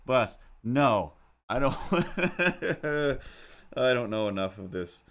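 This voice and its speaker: A man's voice: medium pitch, very animated, slow, a bit bright. Man, casual streamer, wry rambling storyteller, mid-range voice, desk mic. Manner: rambling, wry storytelling with self-mocking asides. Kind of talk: casual chat while drawing on a livestream.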